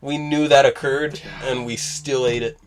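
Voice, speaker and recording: A man's voice: mid-range voice, steady tone, a little slow. A young man guesting on a podcast, joking and teasing in casual chat.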